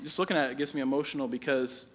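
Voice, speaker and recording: A pastor in his forties preaching a sermon, telling a personal story with lively quoted dialogue. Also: medium pitch, rapid-fire. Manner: animated storytelling, quoting people in his own voice.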